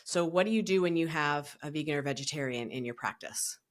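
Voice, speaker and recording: A woman with a notably low voice hosting a podcast interview. She chimes in with short, agreeable affirmations and asks follow-up questions. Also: a little fast. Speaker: podcast host.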